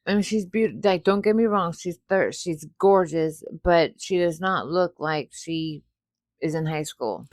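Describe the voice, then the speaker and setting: A woman's voice: lowish voice, a little slow, darkish tone, no room sound, clean studio sound. A woman co-hosting a podcast, casually retelling an episode's plot with quoted asides. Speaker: podcast co-host. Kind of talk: casual recap chat.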